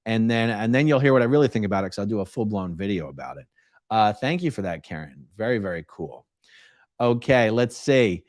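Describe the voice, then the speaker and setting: A man's voice: fairly low pitch, animated, brisk, darkish tone, no room sound, studio quality. A man hosting a casual live-stream Q&A, reading viewer questions aloud and answering them at length in a conversational way.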